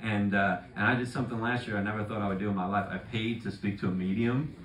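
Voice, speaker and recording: A man's voice: lowish voice, fairly even intonation, quick pace, a little hiss or hum. A man, telling profane, rambling stories in a stand-up comedy set. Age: 30s. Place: comedy club. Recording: roomy, distant mic with loud audience laughter.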